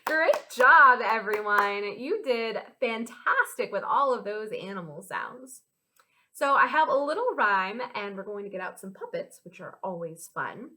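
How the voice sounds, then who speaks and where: A young American woman, a children's librarian, leading a storytime for small children in an animated, sing-song and encouraging way. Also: medium pitch, unhurried.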